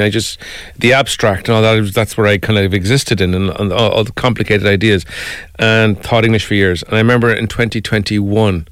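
Fast-talking Irish man, low voice. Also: no room sound, clean studio sound. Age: middle-aged. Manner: animated, emotional storyteller with many "right?" asides. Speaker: guest, former English teacher. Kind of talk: casual storytelling interview.

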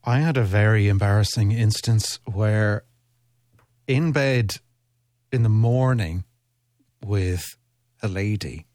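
Radio sidekick, jokey banter, dry close sound. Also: male voice, fairly low pitch, darkish tone, no echo. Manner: quick playful banter. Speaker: radio co-host. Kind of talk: casual radio chat. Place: radio studio.

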